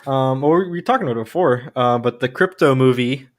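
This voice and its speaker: A man's voice: medium pitch, brisk. A man reading out news in a casual podcast chat, offhand and a bit scattered. He drops dry jokes between the items.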